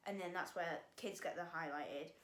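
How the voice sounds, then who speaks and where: A woman's voice: lowish voice, moderate pace, a bit bright. A teenage girl vlogging in a casual, rambling way, full of fillers, restarts and sighs. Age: teens. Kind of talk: casual storytelling vlog. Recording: roomy echo.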